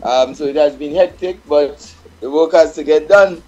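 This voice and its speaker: Male phone guest, slightly high voice, lo-fi line, steady and informative. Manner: measured, informative. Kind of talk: phone interview.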